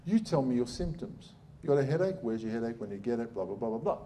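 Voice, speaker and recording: A middle-aged man holds forth in a lively public talk, blunt and irreverent with a sarcastic edge. His voice sits at an ordinary pitch for a man, with a dark, mellow tone. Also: fast talker, a little hiss or hum. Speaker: surgeon giving a public talk.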